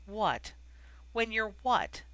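A calm adult wizard who steadies his friends with quiet, firm reassurance, as the audiobook reader puts him on. The voice is crisp and bright, and it sounds dry and close to the mic. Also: medium pitch, very slow, no room sound, pitched above the performer's own voice, exaggerated voice.

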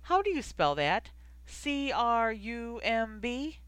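A storybook narrator voicing a brisk, dismissive official woman who speaks higher and clipped. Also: lively intonation, a bit bright, smooth, dry recording, close to an everyday voice. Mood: curt. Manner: curt and businesslike.

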